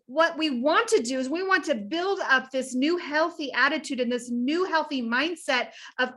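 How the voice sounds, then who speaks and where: A woman health coach speaking with an energetic, folksy delivery. Her voice is high and bright, and her tone is forceful as she encourages listeners. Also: moderate pace, hardly any pauses. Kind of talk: motivational talk.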